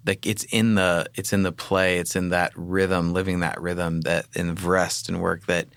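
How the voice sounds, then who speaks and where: A man's voice: deep voice, little pitch movement, a little slow, vocal fry, a bit bright, smooth, no room sound. A man co-hosting a podcast, talking in a reflective, musing way in casual conversation. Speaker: podcast co-host.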